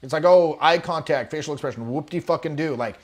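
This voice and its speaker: A man teaching charisma to camera, lively and demonstrative, acting out examples and swearing casually. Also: on the high side, fairly quick. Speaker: charisma coach. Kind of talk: animated coaching talk to camera. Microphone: webcam or camera, video talk.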